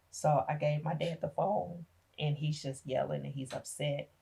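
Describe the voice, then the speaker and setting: A low-voiced woman with a husky grain tells her life story as a podcast guest. She is middle-aged, talks with feeling and slips into the voices of the people in her tale. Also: moderate pace. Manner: animated retelling, acting out family members' voices. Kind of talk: emotional personal storytelling.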